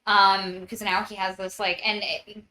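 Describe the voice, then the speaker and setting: A woman's voice: medium pitch, level tone, a little slow, sharp tone, a little hiss or hum. A woman co-hosting a casual book club podcast, retelling a story loosely with lots of fillers. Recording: roomy echo.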